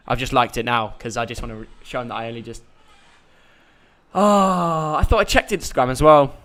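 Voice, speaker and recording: A man's voice: mid-range voice, brisk, fairly bright tone. A young man, hosting a casual live stream and chatting in a rambling, jokey way. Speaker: YouTube host.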